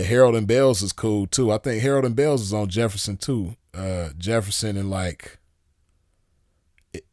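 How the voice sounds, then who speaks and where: A man's voice: lowish voice, darkish tone, no echo, clean studio sound. A man in his forties hosting a show, chatting casually with viewers and telling rambling, slangy stories with easy laughs. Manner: laid-back, rambling, laughs easily, slangy. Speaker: show host. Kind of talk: casual storytelling chat with viewers.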